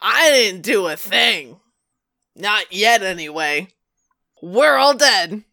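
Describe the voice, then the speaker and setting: A woman's voice: mid-range voice, expressive, slow, gravelly, pushed and bright, heavily acted. A woman voicing a cold, taunting female adventurer in a tabletop game.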